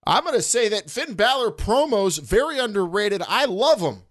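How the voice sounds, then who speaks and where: An animated man hosting a casual wrestling podcast, cracking jokes and swearing freely. His voice sits a bit high for a man, and it leaps even higher when he gets worked up. The sound is close and dry, with no room around it. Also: normal speed, dry recording. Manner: animated, profane, jokey, jumps up in pitch when excited. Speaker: podcast host.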